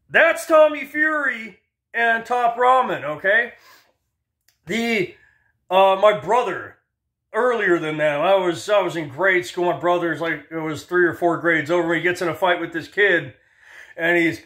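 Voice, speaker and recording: Casting: man in his thirties with a high voice for a casual, profane rant, lively storyteller who does other people's voices. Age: 30s. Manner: animated storyteller, swears, acts out voices. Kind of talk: casual ranting commentary.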